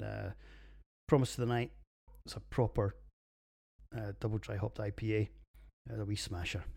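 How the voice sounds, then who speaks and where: A man's voice: on the low side, darkish tone. A middle-aged Scottish man hosting a podcast, giving blunt, sweary, joking beer reviews in casual chat. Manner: sweary, jokey and blunt, rough pub banter. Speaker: podcast host reviewing beers. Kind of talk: casual solo podcast monologue.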